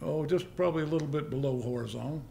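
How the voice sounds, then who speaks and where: A man's voice: fairly high pitch, fast, creaky, dark tone, a little hiss or hum. A man as a podcast guest, laid-back, answering with short agreeing replies and plain explanations. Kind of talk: casual chat. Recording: echoey room.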